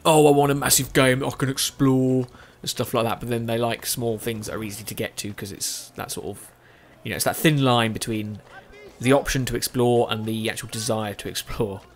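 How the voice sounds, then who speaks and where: A man's voice: medium pitch, steady tone, a little fast, a little hiss or hum. A tired man, chatting casually as he plays a game and often correcting himself. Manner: rambling, self-correcting, chatty. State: tired with a sore throat. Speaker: gaming video host.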